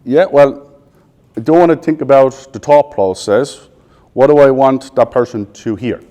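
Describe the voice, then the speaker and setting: Warm and mid-pitched, the voice belongs to an Irish sales trainer in his thirties working a live room. He quizzes the salespeople in front of him with fast questions, completes the answers himself, and keeps things blunt and sweary.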